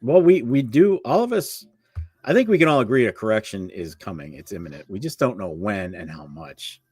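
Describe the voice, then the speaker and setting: A man's voice: lowish voice, animated, darkish tone, slightly rough, dry recording. A man co-hosting a casual livestream chat, reading out market prices and talking loosely with his partner. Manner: chatty, reads market prices off quickly. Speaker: co-host of a livestream show.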